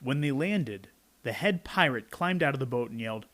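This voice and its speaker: A man's voice: mid-range voice, expressive, normal speed, a bit bright. A young adult man reading a picture book aloud to children, adding chatty asides to his young listeners.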